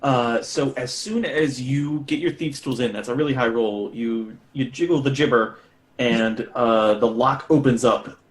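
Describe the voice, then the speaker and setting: A man runs a tabletop game in a middle-pitched voice. He narrates in a loose, rambling way with many fillers. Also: unhurried. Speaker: game master.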